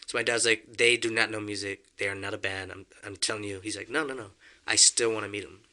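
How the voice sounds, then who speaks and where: Young guy spinning a funny story, super bright voice, does little voices for people. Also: on the low side, quick pace. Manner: animated storyteller, acts out quotes, laughs often. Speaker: podcast guest. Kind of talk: casual storytelling.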